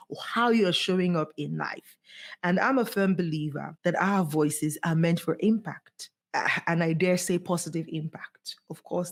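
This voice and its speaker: A woman guest on a podcast, speaking as a voice coach in an animated, emphatic way, swooping high to stress her points. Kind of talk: motivational podcast conversation.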